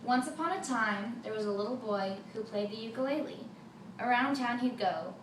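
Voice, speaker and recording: A woman telling a folk tale for children, with lively sound effects, in a roomy recording from a distant mic with faint noise. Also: on the high side, normal speed. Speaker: storyteller.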